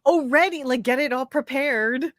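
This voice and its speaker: A woman's voice: high-pitched, normal speed, fairly bright tone, a little hiss or hum. A woman hosting a casual live-stream chat, laughing often between her words. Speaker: host.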